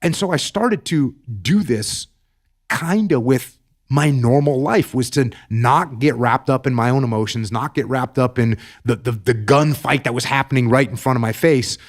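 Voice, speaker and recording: A man's voice: mid-range voice, moderate pace. A middle-aged man, a military veteran guest, giving earnest advice in an emphatic way, often repeating and restarting his words. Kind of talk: podcast storytelling and advice.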